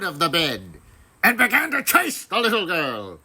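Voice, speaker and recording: Male storyteller, fairy-tale reading, very slow, wide melodic swings. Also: on the high side, rough recording. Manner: deliberate, expressive delivery.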